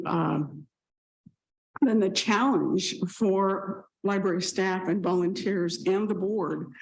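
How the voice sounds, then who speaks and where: A woman board member reporting at a public meeting, her voice going hoarse, speaking haltingly with many fillers and restarts. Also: on the low side, darkish tone, rough recording. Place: city meeting room.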